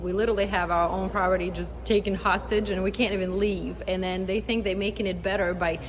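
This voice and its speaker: A woman's voice: mid-range voice, fairly even intonation, brisk, far from the mic, a little hiss or hum. A woman backing up her partner's story in casual chat, chiming in with agreement and indignation. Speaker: co-host companion. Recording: roomy, away from the mic.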